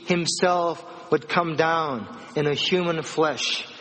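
A man preaching a sermon, retelling scripture with animated voices for the people in the story. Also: a little high, takes it slowly, big-room sound. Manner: animated storytelling, acting out dialogue.

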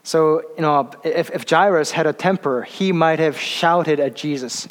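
A man preaching a sermon, speaking haltingly with many fillers and restarts and slowing down for emphasis. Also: on the high side. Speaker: pastor. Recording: long hall reverb.

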